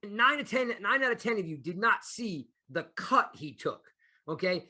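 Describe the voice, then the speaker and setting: A man's voice: sits high, big pitch swings, normal speed, pushed and bright. A man hosting a casual sports podcast, talking in a rambling way with many restarts. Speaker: podcast host.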